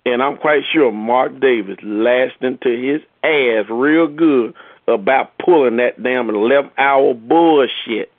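A man's voice: mid-range voice, no echo. Angry man ranting over a phone line. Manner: angry, profane, rising in heat. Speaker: fan caller. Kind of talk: ranting sports fan message. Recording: dry tinny phone-like line.

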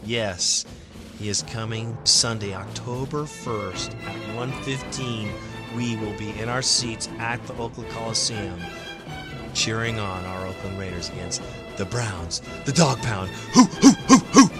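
A man's voice: lowish voice, fairly even intonation, unhurried, loud music behind the voice. A man hosting a fan podcast, reading listener comments and ranting emotionally, swearing freely in a casual monologue.

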